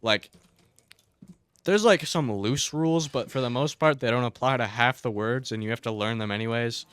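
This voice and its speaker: A man's voice: medium pitch, moderate pace, a bit bright, clear, resonant tone, no echo. Young man ranting sarcastically, dry sound. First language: English. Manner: exaggerated, sarcastic, filler-heavy with frequent "like". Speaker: YouTuber. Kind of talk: casual comedic rant.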